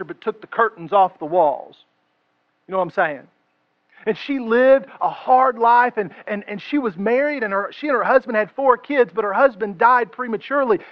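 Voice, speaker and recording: A male pastor preaching a conversational, humorous sermon and slowing down to stress his key phrases. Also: high voice, no room sound, dull audio.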